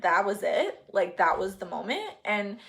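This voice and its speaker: A woman's voice: mid-range voice, sing-song, unhurried, vocal fry. A young woman, a vlogger, telling a personal story in a candid, chatty way with many fillers, sometimes getting emotional. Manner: gets emotional, laughing and crying. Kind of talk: casual chat.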